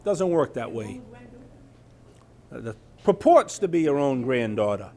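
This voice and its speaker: A man's voice: mid-range voice, big pitch swings, measured pace, darkish tone. A man giving an informal talk about scams, reading from a news article with chatty asides and frequent "right?" checks. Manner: chatty, asks "right?" often, trails off mid-sentence. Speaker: presenter at a scam awareness talk.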